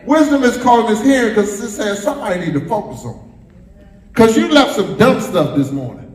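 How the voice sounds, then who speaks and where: A man's voice: high voice, very animated, brisk, a little mellow. A man preaching a sermon as pastor, repeating phrases and drawing responses from the congregation. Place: church sanctuary. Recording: echoey hall, roomy reverb.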